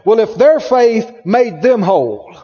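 A man's voice: sits high, big pitch swings, unhurried, mellow, breathy edge. A man preaching a sermon emphatically, repeating phrases and asking the congregation questions. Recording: dull lo-fi recording in a reverberant hall.

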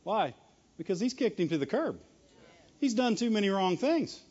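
A man preaching a sermon, emphatic and animated, chuckling often between points. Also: high-pitched, normal speed, slightly rough. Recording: dull lo-fi recording.

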